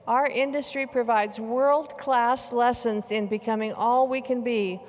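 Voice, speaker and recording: Older woman, high-ish voice, emphatic motivational keynote, arena reverb. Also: fairly even intonation. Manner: emphatic, slow measured repetitions. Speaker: keynote speaker. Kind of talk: motivational convention speech. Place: large convention arena. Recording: long hall reverb in arena.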